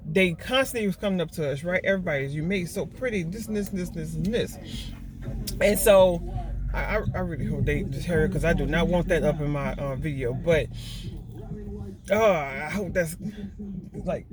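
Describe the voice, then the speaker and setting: A woman's voice: on the low side, noisy background. A middle-aged woman, telling a story to her vlog viewers in a casual, emotional way, often repeating herself and stumbling over words. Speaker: vlogger mom.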